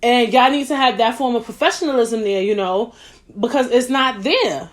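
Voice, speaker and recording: A woman's voice: on the high side, brisk. Blunt, profane woman. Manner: blunt, profane, animated storytelling. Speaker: podcast host. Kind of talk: casual monologue.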